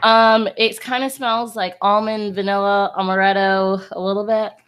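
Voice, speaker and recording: A woman's voice: medium pitch, flat delivery, normal speed, fairly bright tone, clear, resonant tone. A woman co-hosting a podcast, chatting casually. She teases the others and giggles often. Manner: teasing, giggly. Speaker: podcast co-host. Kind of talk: casual chat.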